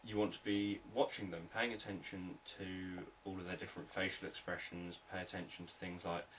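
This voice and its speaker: Man, very low voice, calm teaching talk, distant mic, faint hiss. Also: a little fast. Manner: calm, repetitive explanatory delivery. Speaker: hypnotherapist and sales trainer.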